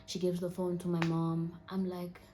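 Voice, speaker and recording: Her voice lowish, monotone, and dark, a young woman in her twenties with a Southern African accent speaks at normal speed as faint music plays behind her. Seated indoors for her vlog, she tells a personal story, holding back tears and often falling to a near whisper.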